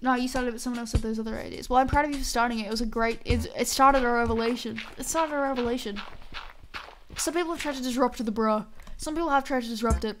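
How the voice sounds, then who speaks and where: A woman's voice: a little high, fairly even intonation, fast, slight background noise. A young woman streaming a game, chatting casually with her viewers and swearing freely. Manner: chatty, swears often, talks to chat. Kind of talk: casual live-stream chat while gaming.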